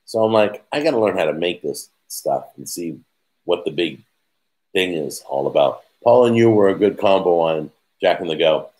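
A middle-aged man hosts a casual live chat and answers his viewers. His voice sits a little low, and he rambles from one story to the next, with quick asides and chuckles at his own jokes. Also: lively intonation, darkish tone, rough recording. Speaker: host.

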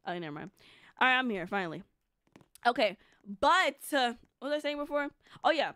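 A woman's voice: high-pitched, sing-song, fairly quick, sharp tone, no echo, clean studio sound. A young woman streaming a game live, rambling and joking casually with her chat, with lots of filler words. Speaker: gaming streamer.

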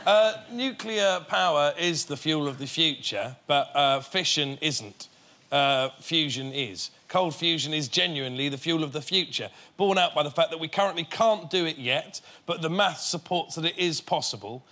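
A man's voice: fairly high pitch, normal speed, pushed and bright. A man on a comedy panel show, arguing a mock debate earnestly with some hesitant fillers. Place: TV studio with audience.

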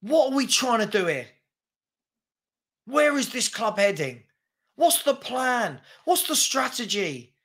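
Speaking slowly with long pauses, a man with an extremely high, fairly bright voice and big pitch swings rants to camera on his football fan channel. He's exasperated and fires off repeated rhetorical questions.

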